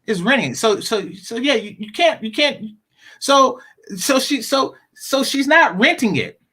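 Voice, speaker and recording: A man's voice: extremely high pitch, lively intonation, measured pace, bright, forceful tone, slightly rough. A man hosting a live-stream talk show, giving blunt, rambling commentary with many repeated words. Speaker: show host.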